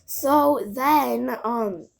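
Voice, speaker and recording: Slow, rambling high-voiced female storyteller. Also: gravelly. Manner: rambling, filled with "like", frequent asides. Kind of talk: casual storytime vlog.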